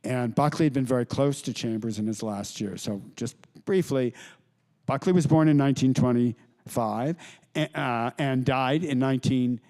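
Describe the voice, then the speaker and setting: A middle-aged man, an author, telling anecdotes to a live audience, with halting restarts and quoted voices. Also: mid-range voice, darkish tone. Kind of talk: storytelling talk to an audience. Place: lecture hall with audience.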